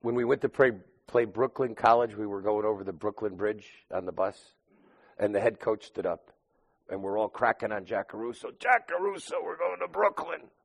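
A man preaching a sermon in a conversational way, rising to loud emphatic bursts and dropping to quiet asides. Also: lowish voice, steady tone, normal speed. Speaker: pastor.

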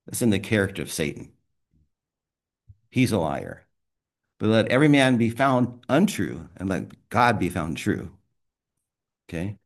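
A man leading a small men's group, giving a rambling, conversational devotional talk and praying, laughing often. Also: lowish voice. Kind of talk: informal devotional talk and prayer. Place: small private group meeting.

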